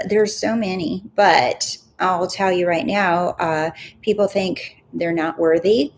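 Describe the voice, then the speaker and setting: A woman's voice: fairly low pitch, slight background noise. Upbeat woman coaching on a live stream. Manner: upbeat, emphatic, repeats affirmations with lively stress. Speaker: host of a live Q&A coaching session. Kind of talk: casual live-stream talk reading viewer comments.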